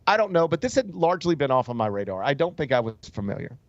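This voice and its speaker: A man's voice: fairly high pitch, very animated, quick pace, no echo, dull audio. A male talk show host telling a story in a casual, rambling way, with many fillers and restarts. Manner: loose, rambling delivery full of "like" and "um", with frequent restarts. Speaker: sports radio host.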